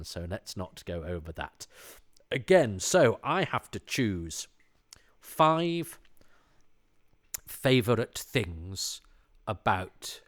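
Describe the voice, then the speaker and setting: A man from England hosting a podcast, talking casually on his own, rambling with many restarts and enthusiastic asides. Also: fairly low pitch. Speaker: podcast host. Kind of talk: casual solo commentary.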